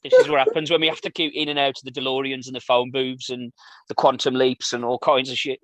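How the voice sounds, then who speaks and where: A man's voice: mid-range voice, flat delivery, quick pace, no room sound. A man co-hosting a wrestling podcast, crude and swearing, laughing a lot in casual chat. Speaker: podcast co-host.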